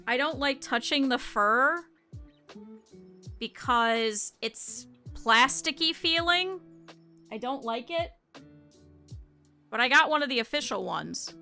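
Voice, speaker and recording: A woman's voice: a little high, pushed and bright. A young woman streamer chatting casually with her viewers while she sketches a sewing pattern, thinking aloud as she goes. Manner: thinking aloud, addressing chat. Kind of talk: casual live-stream chat while crafting.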